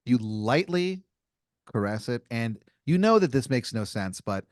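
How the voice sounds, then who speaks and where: A man's voice: medium pitch, big pitch swings, dry recording, clean studio sound. Man spinning an improvised tale. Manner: narrates in second person, quick asides with fillers. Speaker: improv podcast host. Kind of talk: improvised storytelling, game-master style.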